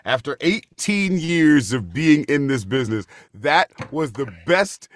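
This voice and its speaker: A man's voice: on the high side, big pitch swings, measured pace, dry recording, clean studio sound. A man talking as a guest in an interview, effusive and emphatic, repeating himself for emphasis. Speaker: guest actor. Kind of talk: casual interview chat.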